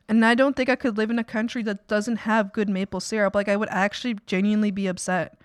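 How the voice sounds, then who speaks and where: A woman's voice: medium pitch, fairly even intonation, fairly quick, smooth, dry recording, clean studio sound. A Canadian woman streamer chatting casually while she draws, laughing often and swearing casually, with some playful scolding.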